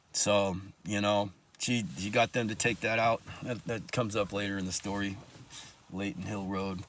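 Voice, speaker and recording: A man's voice: fairly low pitch, flat delivery, normal speed, fairly bright tone. A man telling his own life story in casual talk, blunt and profane, with angry asides.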